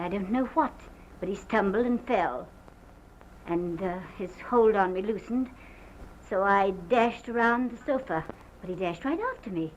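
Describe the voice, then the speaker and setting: A woman playing a halting, distraught witness. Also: mid-range voice, slight background noise, lightly acted. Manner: halting, hesitant, breaks off. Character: distraught woman recounting a violent night. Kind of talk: early sound-film acting. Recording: muffled early sound-film recording.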